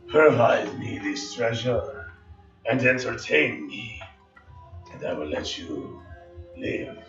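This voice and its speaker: A man voicing a menacing, imperious ancient vampire lord, slow and low, in a tabletop game. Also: very animated, gravelly, a bit bright, soft background music, full character voice. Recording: echoey room, far from mic, dull.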